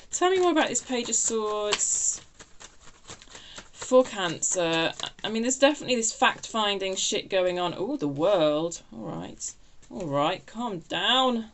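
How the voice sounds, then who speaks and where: A woman's voice: lowish voice, vocal fry, a little hiss or hum. A woman giving a casual tarot reading, chatty and self-interrupting, laughing at her own remarks. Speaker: tarot reader.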